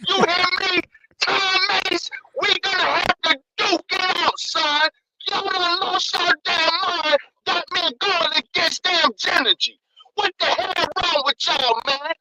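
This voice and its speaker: A man's voice: very high-pitched, very noisy. A man calling in to a show, ranting in a heated, profane, slang-filled way and repeating himself. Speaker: caller. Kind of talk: fired-up call-in rant.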